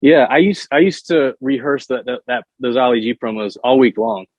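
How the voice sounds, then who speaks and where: A man's voice: medium pitch, normal speed, darkish tone, no echo, muffled recording. A man guest telling wrestling stories in casual chat, often stumbling and repeating words as he starts a sentence. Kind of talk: casual storytelling on a podcast.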